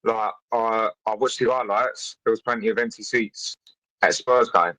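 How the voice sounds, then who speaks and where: Brief: low male caller, resigned and matter-of-fact, dry close sound. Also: fairly even intonation, moderate pace, bright, forceful tone, dry recording, poor audio. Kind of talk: casual call-in chat.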